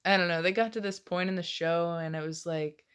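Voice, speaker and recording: A woman's voice: fairly low pitch, steady tone, fairly quick, fairly bright tone, smooth. A woman in her late twenties rambling casually in a confessional vlog, swearing often and laughing between phrases. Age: late 20s. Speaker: vlogger.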